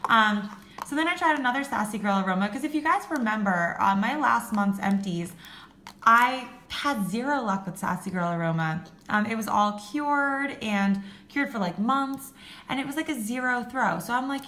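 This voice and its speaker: A woman's voice: a little high, animated, normal speed, sharp tone, echoey room. A woman vlogger chatting casually about home fragrance, swearing now and then and laughing at herself. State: voice cracking. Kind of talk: casual chat.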